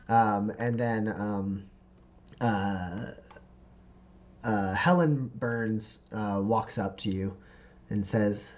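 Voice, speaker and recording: A man's voice: fairly low pitch, drawn-out words, long pauses. A man narrating a tabletop game as game master, rambling with many fillers. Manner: rambling, full of fillers and likes.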